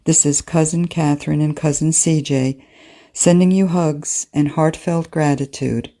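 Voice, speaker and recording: Low-voiced woman reading a heartfelt letter. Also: fairly even intonation, dark tone. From United States. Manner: measured, earnest. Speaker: listener message reader.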